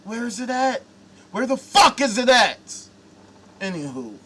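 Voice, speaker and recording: A man's voice: extremely high pitch, big pitch swings, a little slow, heavy background noise. A man hosting a live talk show, ranting angrily and sarcastically with heavy swearing. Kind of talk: profane live-stream rant.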